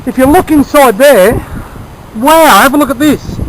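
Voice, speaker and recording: A man with a strikingly high voice, talking casually and eagerly as he fishes outdoors by a creek. He explains his tackle and gives tips in a chatty, friendly way. A faint background hiss runs under his voice. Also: normal speed, poor audio. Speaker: fishing vlogger.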